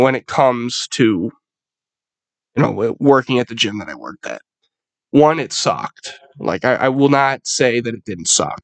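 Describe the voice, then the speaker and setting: A man's voice: medium pitch, no room sound. Profane young man telling a story. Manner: profane, rambling, laughing storyteller. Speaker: podcast host. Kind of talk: casual storytelling monologue.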